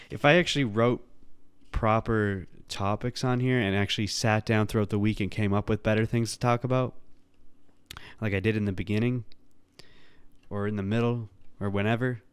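A man's voice: fairly low pitch, fairly even intonation, moderate pace, smooth, no echo. A male podcast host rambling casually on his own, self-deprecating and swearing now and then.

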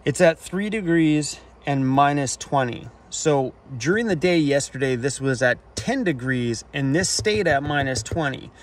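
A man's voice: a little high, lively intonation, measured pace, few pauses, slight background noise. A man living in a van, ranting in a casual vlog and acting out both sides of his phone calls. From Canada. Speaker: van life vlogger. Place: inside a camper van.

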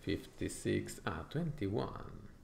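A man's voice: lowish voice, very animated, slow pace, creaky, darkish tone, roomy sound, slight background noise. A man from Italy with an Italian accent, thinking aloud with frequent fillers as he comments on his strategy game playthrough. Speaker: gaming YouTuber.

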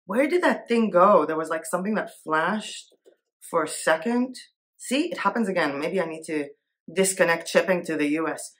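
A woman's voice: low-pitched, unhurried, a bit bright. A woman vlogger chatting casually as she browses shops on screen, thinking aloud and giggling easily. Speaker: Etsy seller and art vlogger. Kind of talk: casual screen-share commentary.

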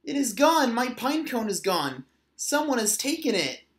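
A man reading aloud and voicing an excitable young male otter cub who shouts eagerly, in a roomy echo. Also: high-pitched, normal speed. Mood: upset.

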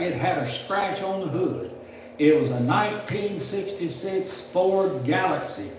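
A man preaching a sermon in a folksy, storytelling way, often repeating his words, recorded in a church hall. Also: fairly high pitch. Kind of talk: sermon lecture. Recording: echoey hall mic from a distance, faint noise.

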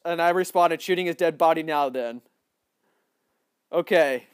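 A young man giving excitable live commentary on a shooter game, often yelling at opponents. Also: on the high side, unhurried, smooth, no echo, studio quality. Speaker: livestreaming gamer.

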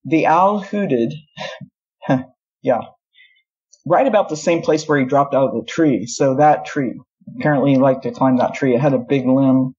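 A woman tells her story in a husky, mellow voice. She rambles and wanders into asides, correcting herself as she goes. The sound is dull and lo-fi. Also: very deep voice, normal speed, pauses often. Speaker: guest. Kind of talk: casual storytelling. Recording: dull lo-fi audio.

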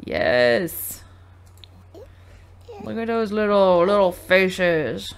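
Woman host talking through her gameplay, animated, slightly gravelly, over loud game music. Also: lowish voice, extremely slow. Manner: chatty, scolding her game characters. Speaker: gaming video host. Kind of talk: casual gameplay commentary. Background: game music and baby cries.

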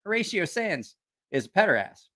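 A man rambles through a casual stream and swears freely as he answers viewers. His bright, lively voice rises and falls a lot. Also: sits high, normal speed. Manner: rambling and profane, reacting to comments. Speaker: channel host. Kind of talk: casual livestream chat with viewers.

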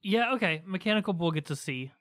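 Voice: medium pitch, animated, fast talker, fairly bright tone. A podcast co-host in casual chat, easygoing but often hesitant and restarting sentences.

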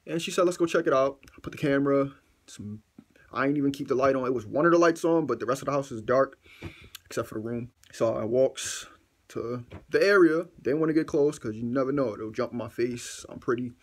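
A man telling a funny story in a casual storytime vlog, excitable and swearing, repeating himself for effect. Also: medium pitch, brisk. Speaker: vlogger.

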